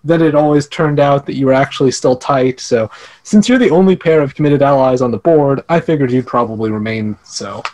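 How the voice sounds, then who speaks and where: A man's voice: medium pitch, a little fast, a little mellow. A man chatting about a strategy game he played, easygoing, chuckling often and thinking aloud. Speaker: fellow Diplomacy player. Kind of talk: casual conversation about a game.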